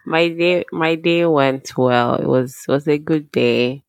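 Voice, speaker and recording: A woman's voice: low voice, takes it slowly, vocal fry, dry recording. A woman co-hosting a casual podcast chat, laid-back and often giggling. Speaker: podcast co-host.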